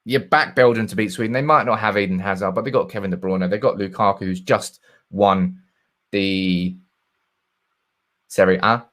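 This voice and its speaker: A man's voice: on the low side, fairly even intonation, normal speed, pauses often, a bit bright. A man hosting a live football stream, chatting casually and reading out viewers' comments. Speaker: football channel host.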